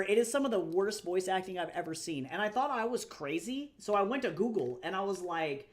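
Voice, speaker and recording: A woman's voice: medium pitch, expressive, fairly quick, hardly any pauses. A woman streaming live as an artist, chatting casually with viewers, swearing freely and ranting with exasperation. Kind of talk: casual livestream chat.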